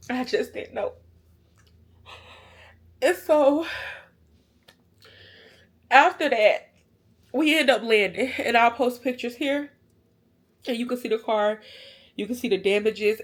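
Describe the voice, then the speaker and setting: A woman vlogger telling a personal story to her viewers in a casual, animated, emotional way. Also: a little high, slightly rough. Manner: animated, colloquial, emotional retelling.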